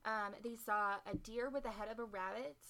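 A woman's voice: a little high, steady tone, moderate pace, a bit bright. A woman co-hosting a podcast, casually retelling a history story with joking asides and lots of "um" and "like". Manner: chatty, joking asides, frequent "um" and "like".

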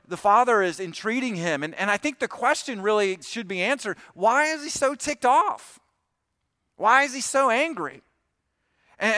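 A man's voice: sits high, fairly bright tone, no echo. A man preaching a conversational sermon, speaking earnestly and directly to his congregation, often restarting his phrases. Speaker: pastor.

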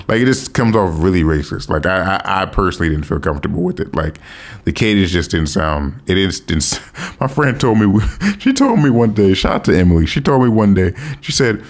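American male podcast host, low-ish voice, very animated intonation, blunt and profane. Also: brisk. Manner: candid, blunt, swears freely. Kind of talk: casual solo podcast talk.

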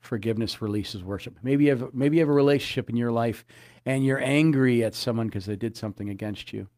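A man's voice: medium pitch, quick pace, darkish tone, no echo. Earnest man preaching, dry sound. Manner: earnest, repeats phrases, quotes scripture. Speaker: pastor. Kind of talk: preaching sermon.

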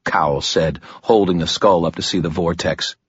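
A man narrating a fantasy audiobook in the first person, with tense, measured storytelling. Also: sits low, fairly even intonation, husky, no echo, lo-fi sound.

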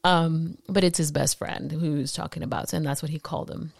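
A woman in her late thirties, of Puerto Rican background, telling a personal story in a podcast chat, animated and laughing as she acts out the quotes. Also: deep voice, moderate pace, creaky, no echo, clean studio sound. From Puerto Rico. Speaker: podcast guest. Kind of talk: casual storytelling.

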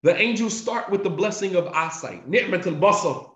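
Emphatic high-voiced male preacher, echoey. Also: expressive, fairly bright tone. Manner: emphatic, repeats key phrases for effect; recites Arabic passages quickly between English explanation. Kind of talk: devotional talk. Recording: echoey, slightly dull recording.

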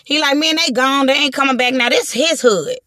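A young woman from Watts tells a wild story in a casual, animated way, acting out the voices and swearing freely. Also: sits high, a little fast. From Watts, Los Angeles.

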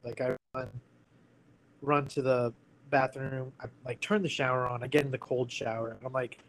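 A man's voice: medium pitch, little pitch movement, normal speed, fairly bright tone, a little hiss or hum, rough recording. A man in his thirties, a podcast guest candidly telling a personal story in casual speech, full of "like" and "you know".

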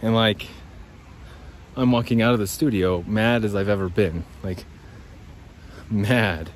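Strolling by a creek, a podcast host talks in a lowish, unhurried voice over slight background noise. His monologue meanders and is profane, and he speaks to his audience as "guys."

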